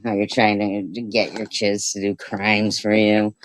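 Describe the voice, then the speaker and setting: A woman streaming an angry reaction, scolding and swearing in a profane rant, with frequent throat clearing. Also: extremely low pitch, flat delivery, measured pace.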